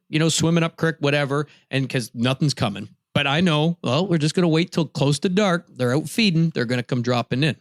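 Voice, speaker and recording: A man co-hosting a podcast, casually telling a hunting story. His voice leaps up high when he acts out his own shouting. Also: no room sound, studio quality. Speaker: podcast co-host.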